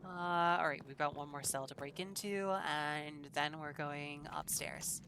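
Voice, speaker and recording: A woman's voice: low voice, measured pace, noisy background. A woman streaming a video game, chatting casually and joking to herself as she plays. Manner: chatty and joking, with asides and laughs. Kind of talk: casual gameplay commentary.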